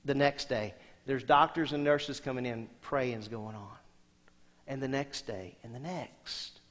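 Pastor preaching in a reverberant hall. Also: male voice, medium pitch, measured pace. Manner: asks the congregation rhetorical questions; swings between loud emphatic lines and quiet soft ones. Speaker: senior pastor. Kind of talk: sermon.

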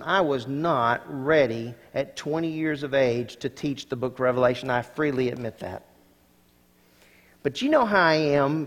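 A male pastor preaching a sermon, moving from quiet asides to loud, emphatic peaks. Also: on the high side, big-room sound.

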